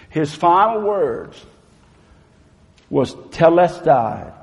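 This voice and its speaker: Male preacher, slightly high, gravelly, leads call-and-response, sanctuary reverb. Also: big pitch swings, slow pace. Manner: swings between loud emphatic proclaiming and hushed low tones. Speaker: pastor. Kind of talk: sermon. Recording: long hall reverb.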